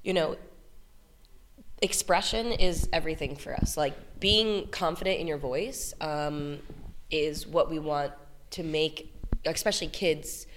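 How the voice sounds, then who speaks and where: American woman, kinda low voice, animated and chatty. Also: a little slow, a little hiss or hum. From United States. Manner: lively, animated storyteller. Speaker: beatboxer and guest. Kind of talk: casual interview chat.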